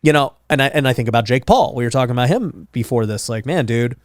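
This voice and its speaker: A man's voice: mid-range voice, lively intonation, quick pace, dry recording, studio quality. A man hosting a podcast, asking questions in a casual, slangy way. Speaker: podcast host.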